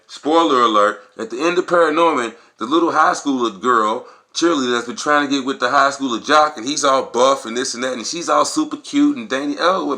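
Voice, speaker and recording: A man's voice: medium pitch, bright, forceful tone. A man talking casually on camera, giving a rambling, profane opinion monologue and acting out quotes with animation. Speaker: video blogger.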